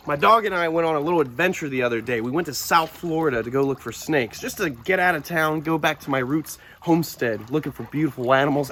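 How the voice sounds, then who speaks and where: A young man hosting a wildlife vlog, his voice sitting a little high for a man. He tells his story in an animated, breathless rush. A faint hiss sits under the recording. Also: fast talker, hardly any pauses. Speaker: wildlife vlogger. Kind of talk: excited outdoor vlog storytelling.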